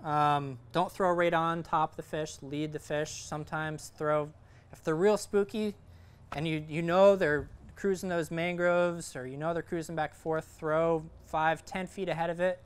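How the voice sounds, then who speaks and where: A man's voice: a little high, steady tone, normal speed, clear, resonant tone. A man giving a casual, rambling talk to a group on sight fishing from a kayak, full of fillers and restarts.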